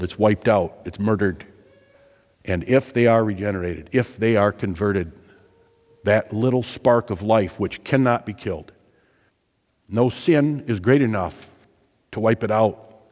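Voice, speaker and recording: Emphatic preacher in a reverberant church. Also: male voice, on the low side, normal speed. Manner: emphatic, repeats phrases for stress, swings between loud and hushed. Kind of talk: sermon.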